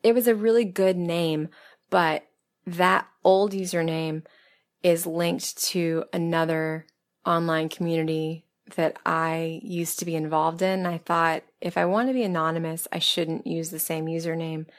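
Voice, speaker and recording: Woman from the American South, a little hoarse, low-pitched, candid casual chat, soft self-deprecating laughs. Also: steady tone, unhurried. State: losing her voice. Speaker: audio script writer and performer answering listener questions. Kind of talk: casual interview-style Q&A monologue.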